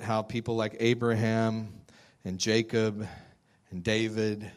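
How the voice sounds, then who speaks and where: A man sharing a personal testimony in a conversational storytelling style, self-deprecating and quick to laugh. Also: lowish voice, a bit bright.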